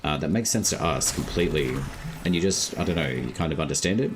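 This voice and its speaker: An Australian man chatting casually while streaming a game, talking slowly and laid-back with many filler words. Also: a bass voice, expressive, background noise. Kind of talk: casual live-stream chat.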